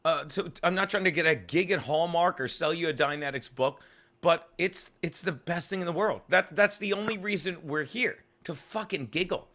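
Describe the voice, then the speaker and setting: A man's voice: fairly high pitch, slight background noise. A male comedian telling rambling, profane stories in an interview. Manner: fast, swearing, animated storytelling. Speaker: comedian guest.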